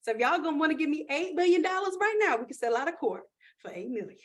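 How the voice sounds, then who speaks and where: Upbeat woman pitching on a livestream. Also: lively intonation, fast, fairly bright tone. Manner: chatty, upbeat, pitching offers to chat viewers. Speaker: online course host. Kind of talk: live-stream sales pitch.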